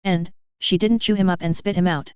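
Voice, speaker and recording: An audiobook narrator reading a first-person story in a steady, even manner, recorded with a slightly muffled sound. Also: mid-range voice, brisk, clean tone, no room sound.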